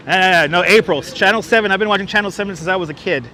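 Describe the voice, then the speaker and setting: A chatty man hosting a walking livestream on a city street, with a high, bright voice. He jokes along as he reads comments aloud. A clip-on mic catches him, with faint traffic noise behind. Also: fast talker. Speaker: livestream host. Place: outdoors on a city waterfront street. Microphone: wireless clip-on mic.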